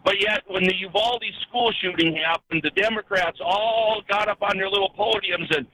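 A man with a high, sharp voice calls in to a talk radio show from the road. He sounds indignant and keeps stammering and restarting his sentences. A faint vehicle hum sits behind the line. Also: moderate pace, low-quality recording. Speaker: caller. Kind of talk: phoned-in talk radio call.

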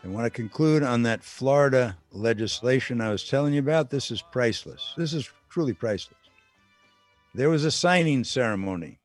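Here a mid-range male voice comes across animated and brisk, recorded dry in a radio studio on a studio mic with soft music underneath. As host of a political call-in show, he laughs in indignant disbelief at the news he's relaying in his monologue.

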